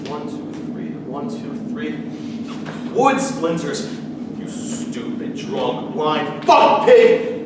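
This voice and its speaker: A man's voice: on the high side, expressive, slow. A man playing a grim son haunted by his past. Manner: grim, intense monologue delivery. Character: grown man reliving a brutal, drunken childhood home. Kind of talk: live stage monologue. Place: theatre stage. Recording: echoey hall, distant mic, audible noise.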